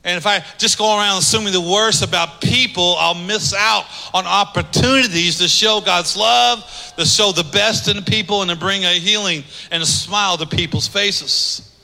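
A man preaching a sermon, driving points home with emphatic repetition and easing into softer storytelling. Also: sits high, moderate pace, gravelly, big-room sound. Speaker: pastor.

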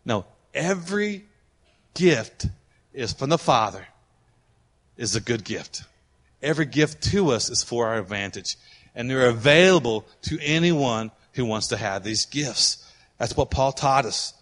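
A man's voice: medium pitch, measured pace. A man preaching as a pastor, telling a story and acting out the voices of the people in it. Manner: animated, acts out voices of people in his stories. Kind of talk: sermon with storytelling. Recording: long hall reverb with loud music behind. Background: musicians playing.

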